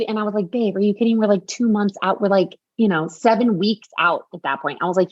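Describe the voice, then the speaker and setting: A woman recounts a personal story as a podcast guest, in a lively voice that jumps up whenever she acts out what she said. She fills her sentences with "like". The sound is dry and slightly dull. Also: mid-range voice, a little fast, few pauses, dry recording. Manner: animated, acts out quoted dialogue, frequent "like". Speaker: podcast guest, author and speaker.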